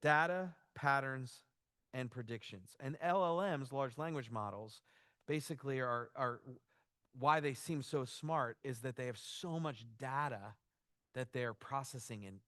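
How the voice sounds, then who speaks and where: A man leads a church workshop in an easygoing, conversational way, often breaking off and restarting his thoughts. His voice sits at an ordinary middle pitch. The recording is dry, with little room sound. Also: measured pace, fairly bright tone, no echo. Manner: casual, loose, with frequent restarts and "like". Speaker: workshop presenter.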